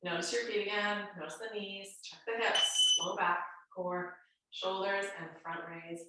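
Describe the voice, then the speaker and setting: A woman's voice: mid-range voice, steady tone, measured pace, heavy background noise. A woman fitness instructor with a congested, nasal voice, giving chatty, reassuring cues through a guided workout. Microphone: camera mic at a distance. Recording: very echoey room, voice far from mic.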